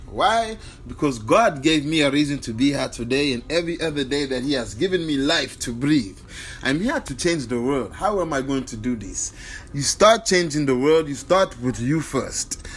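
A man's voice: mid-range voice, expressive, normal speed, fairly bright tone. A man giving an emphatic, repetitive motivational monologue at home. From Africa. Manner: preachy, emphatic, repetitive declarations. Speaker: motivational speaker.

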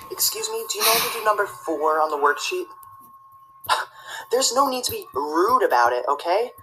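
A woman's voice: fairly low pitch, expressive, moderate pace, background noise, lightly acted. A woman acting a prissy, rule-obsessed teacher's pet student in a comedy sketch, tattling and preaching about the rules. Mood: preachy, disappointed. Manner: tattling, self-righteous and preachy.

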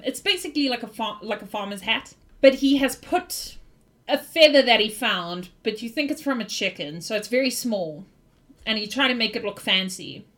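A woman narrating a tabletop role-playing game as game master, lively and quick to laugh. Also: on the high side.

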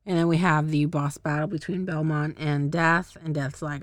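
Speaking at a moderate pace with hardly any pauses, a low-voiced woman rambles through a casual show recap for her podcast. She swears, laughs often, and keeps losing track of names and details, with no echo on the recording.

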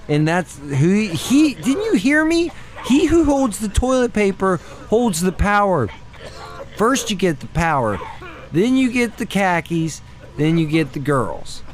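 Excitable joking young man gaming. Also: sits high, unhurried. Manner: joking, excitable, swears a lot. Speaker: gamer. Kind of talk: casual gaming banter.

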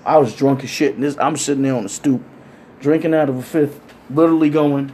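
A man telling crude stories in casual chat, animated and acting out the people he quotes. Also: mid-range voice, fairly quick. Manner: animated, acts out quoted voices. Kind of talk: casual profane storytelling.

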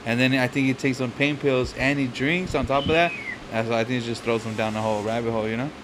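A man telling stories in casual chat, animated and slangy, with heavy swearing. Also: mid-range voice, fast talker, slight background noise.

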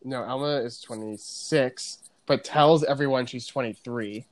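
A man's voice: mid-range voice, unhurried, slight background noise. A man co-hosting a podcast, chatting casually and rambling with restarts. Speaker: podcast co-host. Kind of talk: casual chat.

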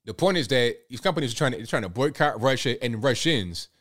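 A man's voice: mid-range voice, lively intonation, fast, fairly bright tone. Male online commentator, casual and sarcastic, rambling delivery. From United States. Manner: rambling, sarcastic, many fillers and restarts.

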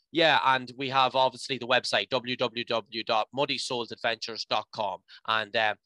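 A man's voice: medium pitch, bright, forceful tone, clear, resonant tone, no echo. An Irish man, a mountain adventure guide, talking emotionally and rambling in a podcast interview, full of restarts and "you know".

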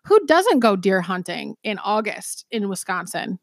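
A woman in the middle of her range recounting a true-crime case in a loose, chatty way. She fills her pauses with ums and trails off and restarts her sentences. The mic is close and dry. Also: medium pitch, very animated, creaky, dry recording. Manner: chatty, many ums, swears, quick laughs. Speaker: podcast co-host. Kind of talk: casual true-crime storytelling.

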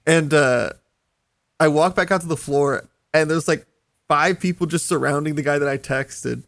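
A man on a podcast tells a story in a casual, animated way and acts out each person's lines. His voice sits a little high for a man. The sound is dry and close, with no room echo. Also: normal speed, creaky. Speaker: podcast host.

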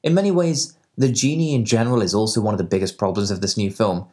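A man's voice: fairly low pitch, quick pace, a little mellow. A man delivering a scripted comedic film review in a sardonic, sweary way.

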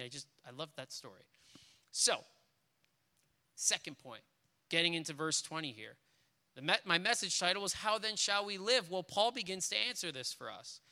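A man's voice: fairly high pitch, sharp tone. A man preaching a sermon as pastor, earnest and reading scripture and a story aloud with frequent restarts. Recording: reverberant hall.

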